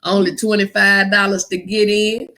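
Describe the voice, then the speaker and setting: A woman comedian from Arkansas, a guest telling jokes and stories in a lively way and laughing often on a casual podcast. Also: medium pitch, normal speed, low-quality recording.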